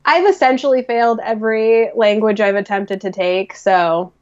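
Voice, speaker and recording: A woman's voice: medium pitch, fairly even intonation, moderate pace, a little mellow, lo-fi sound. A woman co-hosting a podcast from the United States, chatting casually with a rambling, self-deprecating, jokey manner. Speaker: podcast co-host. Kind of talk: casual chat.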